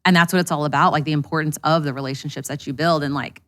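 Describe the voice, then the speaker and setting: Woman, interview guest, rapid talk, lowish voice, blunt and casual, swears. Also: steady tone, fairly bright tone. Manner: fast, candid, swears freely. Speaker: interview guest, business owner.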